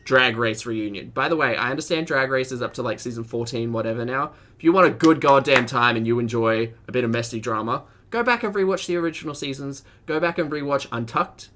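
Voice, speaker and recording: A man's voice: medium pitch, brisk, few pauses, pushed and bright, a little hiss or hum. A man doing live-stream reaction commentary, chatty, laughing often and greeting viewers in chat.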